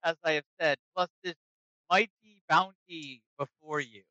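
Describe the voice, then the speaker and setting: A man's voice: on the high side, steady tone, measured pace, pushed and bright, dry recording, dull audio, voice pushed up. Man voicing a formal bargaining envoy. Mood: offering. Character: male NPC envoy, formal and persuasive.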